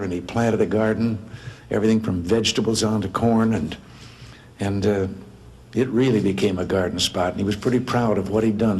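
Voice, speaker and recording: An older American man telling humorous anecdotes in a folksy, unhurried way. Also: lowish voice. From United States. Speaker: politician telling jokes.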